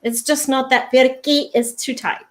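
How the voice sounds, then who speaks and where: A woman with a fairly high voice talks through diction in an interview. She is patient and instructive, slowing down to sound out sample words. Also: steady tone. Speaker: lyric diction expert, guest. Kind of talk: explanatory interview talk.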